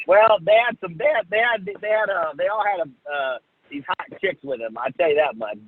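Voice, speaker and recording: A man from Oklahoma, a singer guest, telling a story in a halting casual way with many fillers and restarts, on a tinny phone-like line. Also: high voice, slight background noise. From Oklahoma, USA.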